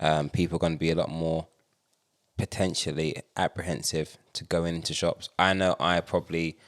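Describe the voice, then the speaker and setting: A young man talks in a fairly low voice on a casual podcast. He tells stories with animation, often stumbling and restarting his sentences as he gets going. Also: level tone, normal speed. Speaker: podcast co-host. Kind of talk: casual chat.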